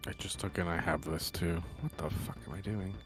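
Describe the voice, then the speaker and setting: A man's voice: deep voice, fairly even intonation, a little fast, music in the background. A man playing a tabletop game, joking and playful in casual chat. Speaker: player.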